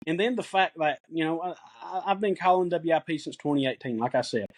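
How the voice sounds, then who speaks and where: A middle-aged man with a Tennessee accent tells folksy, excited stories on a casual podcast. His voice sits high for a man. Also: brisk. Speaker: podcast co-host. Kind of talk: casual sports podcast chat.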